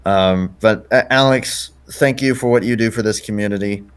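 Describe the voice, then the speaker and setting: A man on a racing stream as guest commentator, sincerely thanking the host with some halting fillers. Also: lowish voice, clear, resonant tone. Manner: sincere, affectionate, slightly halting. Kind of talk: casual commentary chat.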